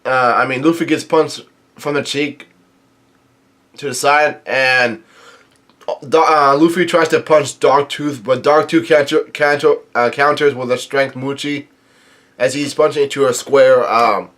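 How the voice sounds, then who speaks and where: A young man casually recapping a comic chapter, halting often and correcting himself as he goes. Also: mid-range voice, steady tone, a bit bright. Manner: halting, many restarts and self-corrections. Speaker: manga reader and recapper.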